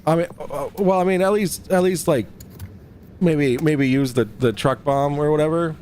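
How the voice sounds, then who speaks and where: A man's voice: a little high, normal speed, darkish tone, slight background noise. A sleep-deprived man hosting a live-stream talk show in a loose, playful, rambling way. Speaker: host.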